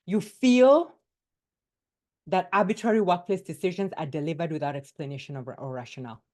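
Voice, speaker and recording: A woman wellness coach giving a workshop talk to doctors, lively and emphatic, often checking in with her listeners. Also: on the low side, a little fast. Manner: lively and emphatic, often tagging points with "right?".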